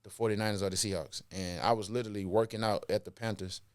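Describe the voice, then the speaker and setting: A man's voice: on the low side, fast talker, clear, resonant tone. Laid-back texan guy telling stories. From Texas. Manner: animated storyteller, slangy and laid-back. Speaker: podcast guest, former football player. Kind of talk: casual storytelling chat.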